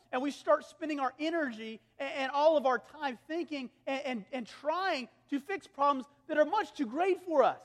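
A pastor in his thirties delivers an earnest sermon with a strikingly high-pitched man's voice. He swings between emphatic, raised passages and hushed, intimate asides. A long reverb trails every phrase, as in a large sanctuary.

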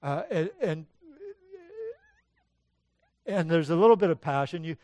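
A man's voice: fairly high pitch, expressive, unhurried, darkish tone, dry recording. A man preaching a sermon in a conversational teaching manner, acting out the Bible passages he quotes. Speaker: pastor.

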